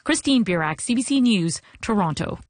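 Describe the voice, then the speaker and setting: A woman's voice: medium pitch, animated, moderate pace, no echo. Woman correspondent, dry news read. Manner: crisp sign-off delivery. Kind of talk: scripted news report.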